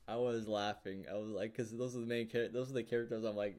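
A man vlogging a casual, rambling recap of a show, full of fillers and excited reactions. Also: on the low side, fast, few pauses. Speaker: YouTuber.

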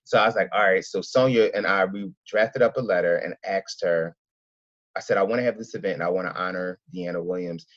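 A man from Philadelphia, an event organizer, telling his story in a casual interview, rambling and excitable with many restarts. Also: on the low side, brisk, vocal fry, dry recording, dull audio.

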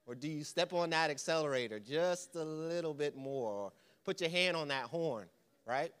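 A man's voice: fairly high pitch, animated, moderate pace, a bit bright, clear, resonant tone. A man preaching a church lesson, conversational and quizzing the congregation with questions. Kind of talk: sermon.

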